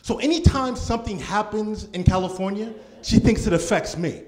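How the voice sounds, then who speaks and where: A male stand-up comedian from New Haven with a high, lively voice. He talks in an upbeat way, laughs often, and mimics his grandmother in a higher pitch. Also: normal speed, hardly any pauses. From New Haven, Connecticut. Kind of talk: stand-up routine.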